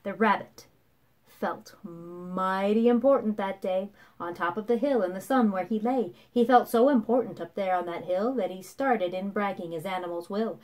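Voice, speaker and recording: A school librarian reads a rhyming picture book aloud to children. Her woman's voice sits at a middle pitch and rolls steadily through each rhyme. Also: moderate pace, a little mellow. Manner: rhythmic rhyming delivery. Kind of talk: storybook read-aloud.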